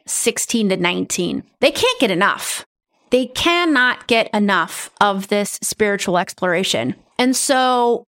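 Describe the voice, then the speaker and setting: Middle-aged woman podcaster, chatty and animated, a bit high-pitched, casual storytelling. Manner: chatty, animated, says right and you guys. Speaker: podcast host and medium.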